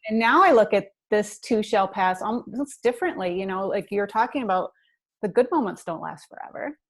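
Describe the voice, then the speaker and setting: Upbeat encouraging mom, mid pitch, casual video chat. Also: female voice, lively intonation, normal speed. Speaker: parent, guest in discussion.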